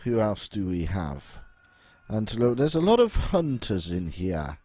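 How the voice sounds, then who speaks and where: A man's voice: fairly low pitch, sing-song, unhurried, warm tone, no echo. Man musing through gameplay. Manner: chatty, musing, hesitant fillers. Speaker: let's play commentator. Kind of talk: casual gameplay commentary.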